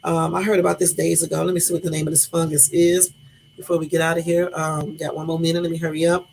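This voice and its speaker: A woman with a Californian accent hosts a casual livestream, chatting directly to her viewers and laughing at her own stumbles. Her voice is deep, level, creaky, and darkish, her pace quick, with slight background noise.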